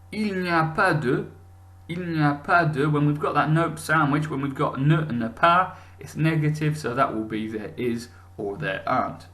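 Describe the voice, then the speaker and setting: A man's voice: medium pitch, a bit bright. A man teaching a recorded lesson, patient and encouraging, with many fillers and restarts.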